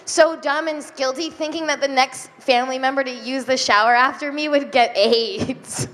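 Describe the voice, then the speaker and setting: High-voiced giggly woman doing stand-up. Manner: giggly, self-deprecating, drawn-out deadpan asides. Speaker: stand-up comedian. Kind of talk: stand-up comedy set. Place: comedy club stage before a live audience. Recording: live club recording with reverb, faint room noise.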